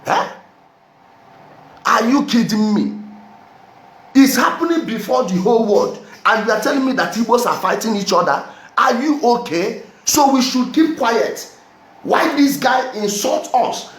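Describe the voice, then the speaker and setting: A man's voice: extremely high pitch, lively intonation, unhurried, fairly bright tone. A Nigerian man delivering a heated vlog rant, firing off repeated rhetorical questions. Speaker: vlogger. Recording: roomy echo.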